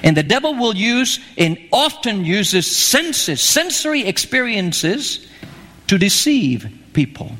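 A man's voice: high voice, very animated, slow pace, bright, forceful tone, big-room sound. A man preaching a sermon, telling a story with animation and acting out the lines he quotes.

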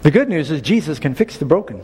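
A man's voice: a little high, very animated, quick pace, a little mellow, slight background noise. Preaching man in a reverberant hall. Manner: storytelling, preacherly rhythm. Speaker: pastor. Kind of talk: sermon. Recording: long reverb of a large hall.

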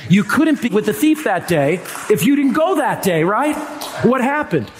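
A male pastor preaching a sermon, shifting between quiet passages and shouted peaks. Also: very animated, moderate pace, a little hiss or hum. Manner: preaching with dramatic pitch swings, shouting at peaks. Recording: long hall reverb.

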